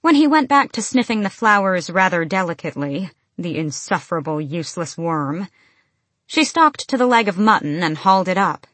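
Casting: woman narrator for fantasy audiobook, lowish voice, dry close-mic studio sound. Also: animated, normal speed, fairly bright tone, no room sound.

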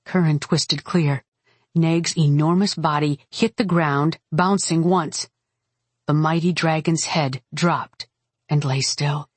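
A woman's voice: low-pitched, steady tone, takes it slowly, husky, no echo. A woman narrating a first-person audiobook with an intense, dramatic reading.

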